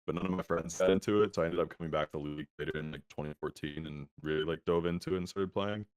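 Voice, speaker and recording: A young man speaks as an interview guest, easygoing and full of filler words. His voice sits very low and has a smooth, resonant tone. The sound is dry and comes over a video call that sometimes stutters. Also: fast, dry recording. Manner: relaxed, many filler words like "um" and "like". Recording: laggy internet call audio.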